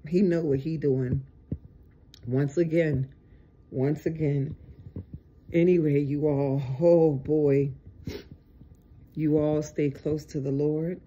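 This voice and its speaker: Weary, husky-voiced preacher, slow and dark. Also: medium pitch, steady tone, dull audio. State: tired, exasperated. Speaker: online preacher. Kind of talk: informal video sermon.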